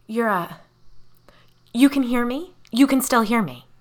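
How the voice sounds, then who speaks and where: A woman's voice: on the high side, lively intonation, unhurried, voice pushed up. A woman voicing a distraught young woman's ghost who pleads urgently and tearfully in an audiobook-style story. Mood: pleading.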